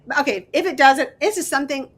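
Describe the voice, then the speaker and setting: A woman's voice: sits high, fast talker. A woman hosting a casual crafting livestream, chatty and sleep-deprived, thinking aloud and greeting viewers as they join. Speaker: host of a miniatures crafting livestream.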